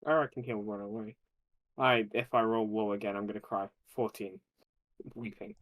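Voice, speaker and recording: A man's voice: fairly low pitch, steady tone, normal speed, a bit bright. A man playing a tabletop game, eager and impulsive in his plans. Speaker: player. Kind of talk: casual chat at the table.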